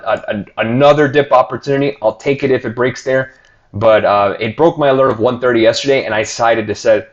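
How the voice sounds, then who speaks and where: A man talks through the markets in a loose, unscripted way, full of fillers and restarts, and stops now and then to read viewer questions aloud. His voice sits at a middling pitch, and the recording sounds a little dull. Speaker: stock market show host. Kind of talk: casual market commentary.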